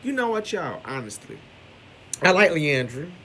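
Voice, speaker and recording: A man's voice: on the high side, big pitch swings, measured pace, slight background noise. Brash, profane man ranting in commentary. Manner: loud, brash, cursing, catchphrase "hello". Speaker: commentary vlogger.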